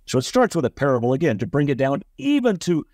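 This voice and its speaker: A man with a mellow, relaxed voice spins a story for a podcast host, bringing it to life by playing the other people in it. The sound is dry and close. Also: on the high side, quick pace, no room sound. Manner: animated storyteller acting out quoted voices. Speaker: guest, author and coach.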